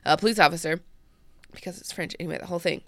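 Woman co-host with a lowish, fry-heavy voice, rambling and self-interrupting as she reads. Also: very fast, a bit bright, no room sound, clean studio sound. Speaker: podcast host. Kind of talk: casual chat, reading an article aloud.

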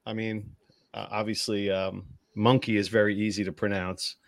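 A man co-hosting a casual podcast, loud and hyped up, throwing in profane exclamations. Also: on the low side, level tone, normal speed, no echo, clean studio sound. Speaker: podcast co-host.

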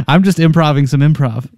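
A man's voice: fairly high pitch, a little mellow, no echo. A man in casual chat with friends, joking and teasing.

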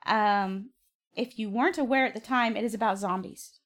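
A woman's voice: medium pitch, moderate pace. A woman co-hosting a casual podcast, playful and enthusiastic about the show she discusses. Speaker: podcast co-host. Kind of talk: casual chat.

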